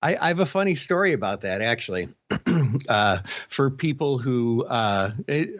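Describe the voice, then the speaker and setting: A man's voice: medium pitch, animated, moderate pace, a bit bright, no echo, dull audio. A man co-hosting a casual podcast chat, telling stories with many restarts and fillers. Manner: rambling storyteller with many restarts. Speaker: podcast co-host.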